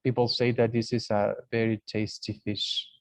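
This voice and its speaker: A man teaching English, explaining slowly and repeating example words aloud. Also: on the low side, level tone, dry recording. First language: Spanish. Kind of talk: classroom lesson recording.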